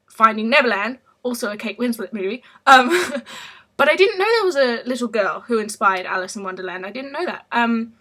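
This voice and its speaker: A woman's voice: on the high side, pushed and bright. A woman giving a casual book review vlog, chatty, with lots of ums and restarts.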